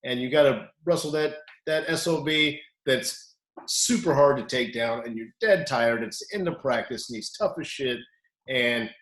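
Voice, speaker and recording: A male wrestling coach tells stories in an easygoing, animated way, punching up quoted lines with sudden energy. His voice sits in a mid range and carries a noticeable room echo around it. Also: mid-range voice, moderate pace. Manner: animated, acts out quotes loudly. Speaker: wrestling coach, podcast co-host. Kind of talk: casual storytelling chat. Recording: echoey room.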